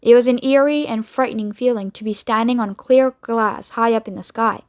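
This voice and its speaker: A woman reads a children's storybook aloud in a steady narrating voice. Her tone sits fairly high but calm, keeping an even pace through the story. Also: moderate pace. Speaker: reader.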